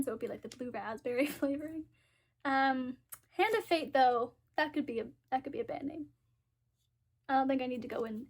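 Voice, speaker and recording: A woman book vlogger chatting casually, rambling and giggling as she thinks aloud, with a congested, stuffy voice. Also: high voice. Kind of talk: casual chat.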